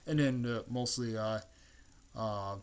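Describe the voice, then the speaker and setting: Rambling man, halting and full of fillers. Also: medium pitch. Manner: halting, filler-heavy, repeats words, clears throat often. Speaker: channel host. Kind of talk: casual rambling story recap.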